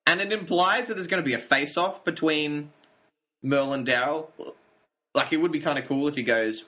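A man's voice: a little high, a little fast, pushed and bright. Man, co-host, casual review chat, chuckles often, muffled recording. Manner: recaps plot, chuckles often. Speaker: podcast co-host. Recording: dull lo-fi audio.

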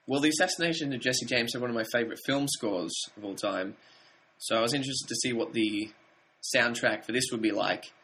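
A man co-hosting a film review podcast, thoughtful and measured, pausing now and then to find his words. His voice is bright and crisp, at a middle pitch. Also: slight background noise. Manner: thoughtful, measured, slightly hesitant. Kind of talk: casual film review chat.

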